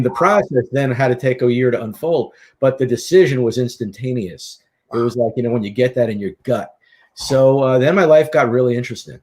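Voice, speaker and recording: A middle-aged man, a guest author and hypnotist, telling his story in a lively, animated way in a casual interview. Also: medium pitch. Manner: lively, animated storyteller who acts out quotes.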